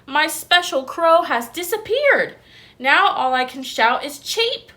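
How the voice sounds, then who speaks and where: A woman voicing an embarrassed male farm rooster who has lost his crow, loud and pleading. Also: sits high, sing-song, slow pace, pitched above the performer's own voice, heavily acted. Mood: flustered.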